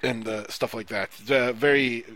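A man's voice: medium pitch, steady tone, moderate pace, bright, forceful tone. A man co-hosting a casual gaming podcast, talking about games with opinionated enthusiasm. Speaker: podcast co-host. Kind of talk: casual chat.

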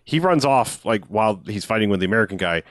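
Wry low-voiced man in movie chat. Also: fast, dry recording, studio quality. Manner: wry, deadpan jokes, jumps in to redirect. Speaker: podcast co-host. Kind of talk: casual movie-review chat.

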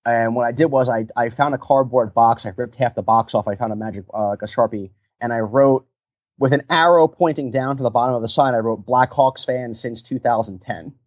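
Talking fairly quickly in a medium-pitched voice, a man who works as a sports mascot spins stories in a relaxed interview. The dry, dull lo-fi recording catches his rambling, filler-packed, laugh-filled delivery.

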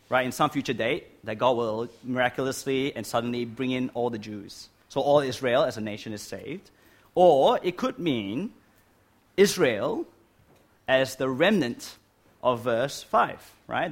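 In an air-conditioned church hall, a male preacher with a mid-range voice delivers an explanatory sermon at normal speed. He's animated, leans hard on key words, and often asks "right?"

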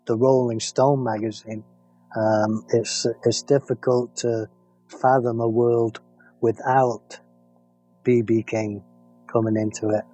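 A man with an English accent co-hosting a music podcast, chatting playfully and halting on fillers. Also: medium pitch, flat delivery, warm tone. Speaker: podcast co-host. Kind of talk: casual chat about music.

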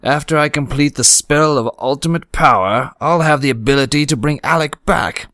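A man playing a calm, formal dark lord. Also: fairly high pitch, moderate pace, no echo, studio quality. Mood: measured. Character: the Lord of Dark, cool calculating male sorcerer. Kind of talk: audiobook character reading.

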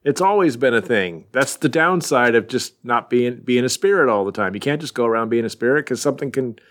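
A man's voice: medium pitch, animated, a little fast, fairly bright tone. A man co-hosting a casual podcast, talking over a comic with a wry, skeptical, shrugging tone. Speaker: comic book podcast co-host. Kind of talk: casual chat.

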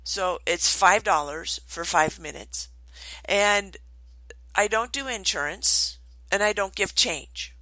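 A woman's voice: mid-range voice, takes it slowly, bright, forceful tone, no echo, poor audio. A woman voicing a dry, matter-of-fact male therapist in a retold comedy skit. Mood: deadpan.

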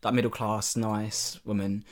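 A man's voice: lowish voice, a little slow. Young man, casual podcast chat, laid-back, salty language, laughs a lot. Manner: laid-back, swears, laughs often, animated when telling stories.

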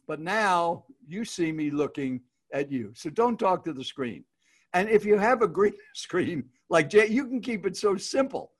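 A man giving casual, upbeat speaking advice on a video call, repeating his key points as he teaches. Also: on the high side. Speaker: speaking coach guest.

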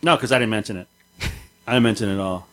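Fast-talking man telling a story. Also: on the low side. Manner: animated, acts out the people in his story with a raised voice. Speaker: podcast guest telling a story. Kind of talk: casual storytelling.

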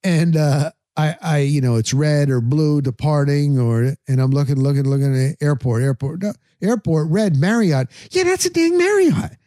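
Middle-aged man, sports talk host, casual rambling story, animated, slightly high pitch, dry recording. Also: moderate pace, hardly any pauses, dry recording. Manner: animated, acts out his own thoughts in quotes. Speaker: sports radio and podcast host.

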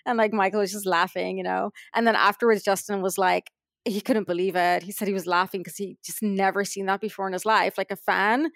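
A woman's voice: mid-range voice, steady tone, brisk, creaky, dry recording. Woman, interview guest, effusive storytelling, dry close sound. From Ireland. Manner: effusive, earnest, soft-spoken reminiscing. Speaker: guest, memoir author.

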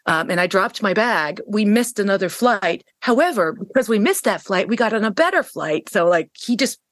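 A woman guest on an interview podcast, telling a personal story in a casual, animated way, jumping into a higher pitch when she quotes people. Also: moderate pace, dry recording, clean studio sound. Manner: frequent fillers and restarts.

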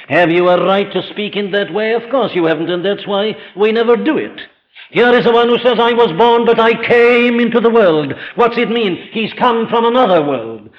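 A man preaching a sermon with emphatic delivery, firing rhetorical questions and slowing right down on key phrases. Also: high-pitched. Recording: dull lo-fi recording.

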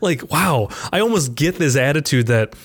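A man's voice: fairly high pitch, lively intonation, moderate pace, husky. A man co-hosting a casual movie podcast, talking in a rambling way with many restarts and frequent laughs. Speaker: podcast co-host.

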